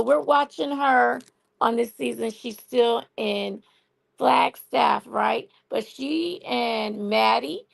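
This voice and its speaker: A woman's voice: high voice, creaky. A woman hosting a live stream, chatting casually about a TV show and saying y'all a lot. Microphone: phone.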